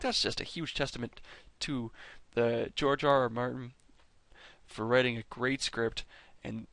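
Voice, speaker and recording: Man with gravelly fry, rambling. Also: mid-range voice, a bit bright, no echo. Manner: enthusiastic, rambling, often restarts and corrects himself. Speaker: fan video host ranking characters. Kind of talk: casual rambling commentary over clips.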